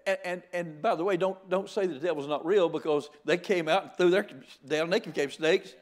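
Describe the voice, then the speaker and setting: A man's voice: high-pitched, normal speed. An older man giving a sermon as a guest preacher. He jokes in a folksy way and often stammers into restarts.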